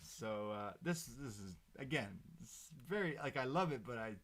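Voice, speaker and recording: A man co-hosting a casual wrestling review podcast, recapping segments in an animated way. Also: medium pitch, moderate pace. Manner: animated recapping, acts out quotes, laughs often. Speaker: podcast co-host.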